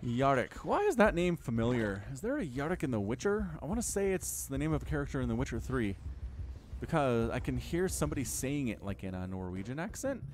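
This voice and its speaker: A man's voice: mid-range voice, very animated, fairly quick, darkish tone, slight background noise. A man giving solo play-by-play commentary on a strategy game match, chatty and rambling, with self-deprecating jokes.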